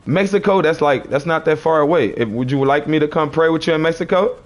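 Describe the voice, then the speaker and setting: Higher-voiced man preaching at live chat. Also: a little fast. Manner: confrontational, repeats phrases, preachy. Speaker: livestreamer. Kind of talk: arguing with live chat commenters.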